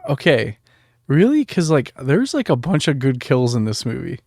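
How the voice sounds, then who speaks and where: A man's voice: medium pitch, sing-song, moderate pace, gravelly, a little mellow, no echo, studio quality. A man co-hosting a podcast, chatting about a horror film in a laid-back way, saying "like" a lot. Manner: laid-back, laughs along, says like a lot. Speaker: podcast co-host. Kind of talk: casual movie chat.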